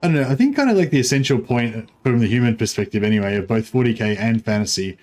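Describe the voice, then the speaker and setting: A man's voice: mid-range voice, expressive, fast talker, darkish tone. A man casually commentating a livestream of a strategy game, rambling with many fillers and restarts. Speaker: streamer.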